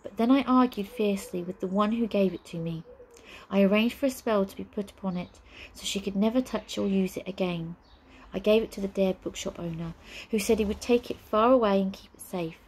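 A woman voicing a regretful mother quietly confessing, in a measured storybook reading. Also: medium pitch, husky, low-quality recording.

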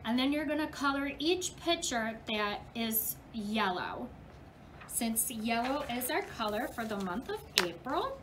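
A woman preschool teacher reading a picture book aloud to young children, with an expressive storybook delivery and playful animal noises. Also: high voice, takes it slowly, a little hiss or hum, rough recording.

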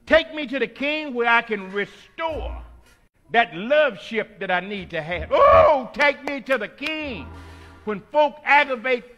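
A man with a very high, bright, forceful voice preaches in a church with soft music behind. He whoops and shouts, then drops low and quiet in a rhythmic call-and-response style. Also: lively intonation, a little slow, muffled recording. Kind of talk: sermon.

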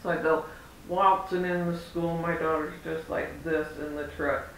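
A man's voice: little pitch movement, measured pace, fairly bright tone. A man vlogging as a parent, telling a story in a chatty, rambling way and acting out the back-and-forth of conversations. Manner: chatty, rambling, acts out quoted exchanges. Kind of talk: casual vlog storytelling. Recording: roomy echo, far from mic, faint rumble.

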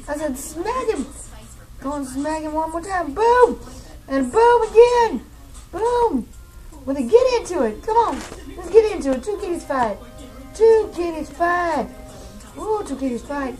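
A woman voicing a feisty, cranky house cat in a squeaky, cussing voice for a home video. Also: a little mellow, rough recording. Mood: sassy.

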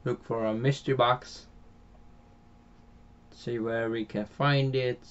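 A man with a Dutch accent talks through a farming game in a relaxed, halting way, often pausing on filler sounds and starting phrases over. His voice sits at a middling pitch. The home mic sounds dull and lo-fi. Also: clean tone. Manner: hesitant, many filler sounds and restarts. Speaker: game channel host. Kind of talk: casual gameplay commentary voiced afterwards.

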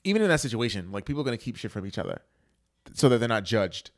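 A man in his thirties hosting a podcast, talking bluntly and profanely in casual banter, getting loud when he argues. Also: mid-range voice, big pitch swings, fast talker, dry recording, clean studio sound. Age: 30s. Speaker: podcast host.

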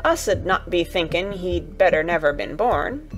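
A woman voicing a gentle, earnest farm boy in an audiobook reading, speaking in broad dialect over faint music. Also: lowish voice, very animated, a little slow. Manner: broad dialect, warm and coaxing.

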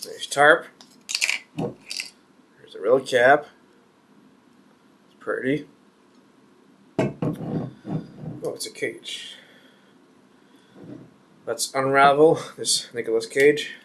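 A man's voice: medium pitch, steady tone, very slow, long pauses, background noise. A man reviewing a beer on camera, chatty and joking as he thinks aloud. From Canada.

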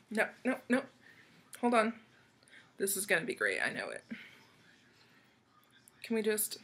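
A woman's voice: mid-range voice, very animated, unhurried, long pauses, fairly bright tone. A young woman from the United States chatting casually as she opens a package, bubbly and gushing, with frequent giggles. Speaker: vlogger opening a swap package. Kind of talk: casual excited unboxing chat.

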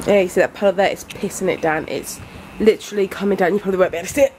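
A twenty-something UK vlogger chats loosely to her audience while filming indoors at home, with background noise audible. She talks very fast at medium pitch with fairly even intonation.

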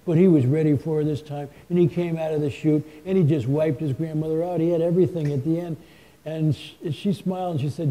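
A man with a very dark, mellow, somewhat higher voice, spinning folksy anecdotes in a live onstage talk. He acts out quotes as he goes and drifts between loud and quiet. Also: steady tone, brisk, low-quality recording. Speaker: guest author. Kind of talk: live stage conversation, storytelling.

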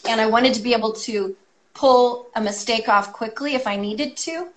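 A woman's voice: on the high side, moderate pace. A woman, a guest artist from California, chatting enthusiastically on a video call with lots of ums. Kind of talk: casual chat.

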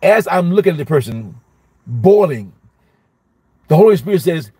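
A man teaching a Bible study as a minister, telling a personal story in a lively sermon style and repeating each phrase for emphasis. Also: on the high side, normal speed, pauses often, husky, dry recording.

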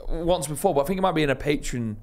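A man's voice: fairly high pitch, very fast. A young man hosting a casual podcast, joking and swearing freely. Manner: animated, swears freely, laughs often. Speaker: podcast host. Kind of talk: casual chat.

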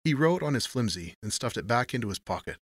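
A man narrating a noir short story in measured, even storytelling. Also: medium pitch, slightly rough, no echo, studio quality.

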